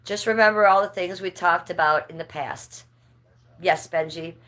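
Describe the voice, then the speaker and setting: A woman's voice: on the low side, normal speed, fairly bright tone. A middle-aged woman talks to her livestream viewers in a loose, rambling way. She gossips about people she knows and laughs often as she reads the chat. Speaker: livestream host.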